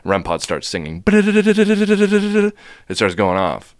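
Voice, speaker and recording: A man's voice: low-pitched, animated, brisk, vocal fry, fairly bright tone, no echo, studio quality. A man guest on a podcast, telling a story casually and animatedly, swearing and acting out quotes.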